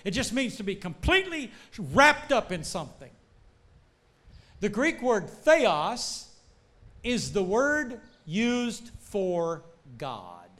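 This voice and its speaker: A man preaching a sermon, telling folksy stories and building to shouts. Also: high-pitched, takes it slowly. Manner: animated, rising to shouts, folksy storytelling.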